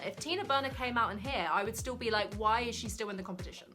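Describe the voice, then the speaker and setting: A woman with a high, bright voice co-hosts a casual review chat, animated and sarcastic. She slips into mocking impressions and breaks into big laughs. Faint music sits behind her. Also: a little fast, hardly any pauses. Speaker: podcast co-host.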